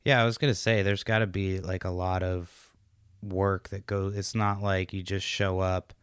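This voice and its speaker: A man's voice: deep voice, little pitch movement, normal speed, clear, resonant tone, dry recording, clean studio sound. A man in his thirties hosting a podcast, asking questions hesitantly with frequent restarts. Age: 30s. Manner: hesitant, restarts often, many fillers while forming questions. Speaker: podcast host. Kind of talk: casual interview chat.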